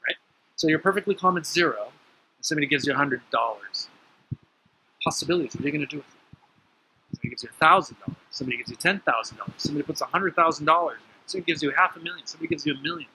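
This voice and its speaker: A man speaks in a motivational talk, his voice very bright and slightly high. He tells stories with emphasis, and his pitch jumps up suddenly when he gets excited. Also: rapid-fire, husky, poor audio. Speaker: spiritual teacher.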